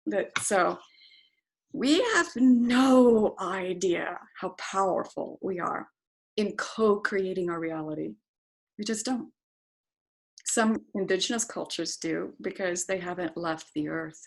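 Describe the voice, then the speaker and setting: A woman's voice: medium pitch, slow, gravelly, poor audio. A middle-aged woman guest, talking as she tells a story and acting out her own reactions. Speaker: interview guest. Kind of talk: conversational storytelling.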